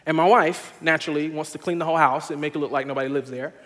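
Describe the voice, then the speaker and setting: A man's voice: a little high, fairly even intonation, fast talker, a little hiss or hum. Young male preacher in a reverberant church. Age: young adult. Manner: earnest preaching that builds to loud laughing storytelling. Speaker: pastor. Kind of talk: sermon.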